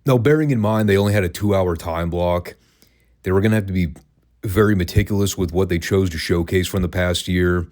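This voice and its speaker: A man with a very low, deep voice hosts his own podcast alone. He talks in a relaxed, conversational way, with a dry, sarcastic edge. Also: brisk. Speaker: wrestling podcast host. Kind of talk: casual commentary, solo podcast.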